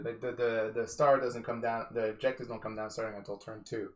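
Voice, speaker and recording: A man's voice: fairly low pitch, steady tone, fairly quick, hardly any pauses, roomy sound. A man bantering and joking with his opponent over a tabletop wargame, often laughing. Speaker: wargame player and streamer.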